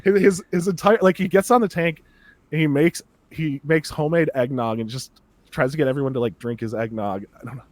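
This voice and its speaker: A man co-hosting a podcast, rambling excitedly in casual chat and laughing often as he talks. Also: on the high side, fairly quick, no room sound. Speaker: podcast co-host.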